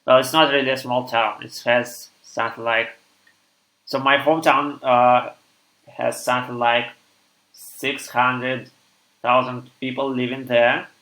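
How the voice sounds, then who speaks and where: A man from Siberia with a thick Russian accent, tired after hours of streaming, coding live and thinking aloud in a halting way as he reads code out. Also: mid-range voice, flat delivery, bright, forceful tone.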